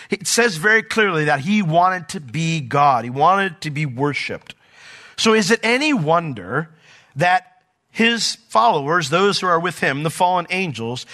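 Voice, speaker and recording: Guy preaching, kinda high bright voice, chatty sermon that slips into little acted-out voices. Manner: conversational preaching, acts out little quoted voices. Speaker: pastor. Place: church.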